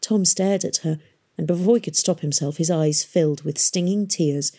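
Audiobook narrator: woman, low, husky, mellow, measured delivery. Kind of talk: scripted narration.

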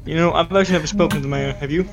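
A man with a Southern US accent plays his paladin, pressing his point earnestly. His voice sits a bit high, with faint noise underneath. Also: steady tone, racing. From Southern United States. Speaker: player. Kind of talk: in-character tabletop play.

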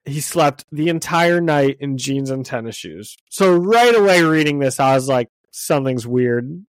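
A man's voice: a little high, expressive, normal speed, no room sound. A congested man co-hosting a casual comic book podcast, chatty and self-deprecating, often laughing. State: congested from illness. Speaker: podcast co-host.

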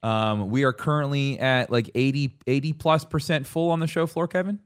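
A man hosting a casual podcast, animated and joking, who also slips in sponsor plugs. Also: medium pitch, smooth. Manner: animated, joking, quick ad reads. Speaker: podcast host. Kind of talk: casual chat.

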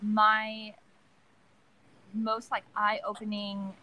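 A woman's voice: medium pitch, monotone, drawn-out words, pushed and bright, rough recording. A young woman speaking as a podcast guest, earnest and reflective in casual chat.

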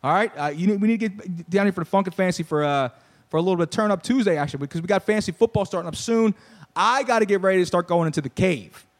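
A young man with a high-pitched voice hosts a podcast, talking very fast as he tells a story. It's casual sports-talk banter, animated and full of riffs, rants, and laughs.

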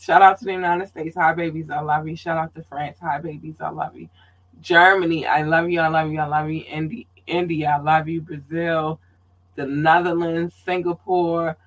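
A man from Baltimore hosts his own podcast, talking loosely and casually. His voice sits a little high for a man. His talk is scattered with ums and slang asides. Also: breathy edge. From Baltimore, Maryland. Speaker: podcast host. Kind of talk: casual solo podcast chat.

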